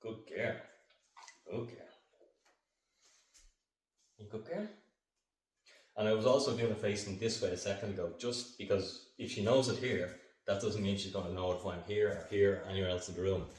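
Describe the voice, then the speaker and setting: A man training his dog on camera, calmly explaining each step and breaking off for short commands and upbeat praise to the dog. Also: lowish voice, normal speed, long pauses, recorded from a distance. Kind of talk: hands-on training demonstration. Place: indoor training room. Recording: echoey room, voice off-mic.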